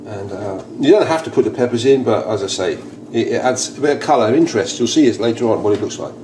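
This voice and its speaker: A man's voice: fairly low pitch, expressive, quick pace, a little mellow. A British man hosting a casual cooking demonstration in a home kitchen, rambling and chatty with many restarts. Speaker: cooking video host. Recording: echoey kitchen, faint noise.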